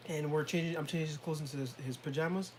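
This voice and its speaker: A man co-hosting a casual talk show, telling relaxed stories about his sons and mimicking them. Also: a little high, fast, slight background noise, poor audio. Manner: relaxed storytelling, laughs often, mimics kids and parents. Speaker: podcast co-host. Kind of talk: casual chat.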